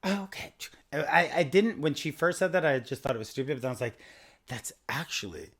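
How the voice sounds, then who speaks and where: A man hosting a podcast, chatting in a rambling, animated, gossipy way. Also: on the high side, fast talker, reverberant. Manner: rambling, animated, full of impressions. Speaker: podcast host. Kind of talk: gossipy casual chat.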